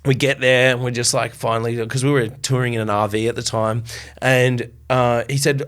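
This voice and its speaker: Aussie musician guest, middle-pitched voice, relaxed rambly yarns with a bit of swearing. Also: male voice, brisk. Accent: Australian. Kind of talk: casual storytelling chat.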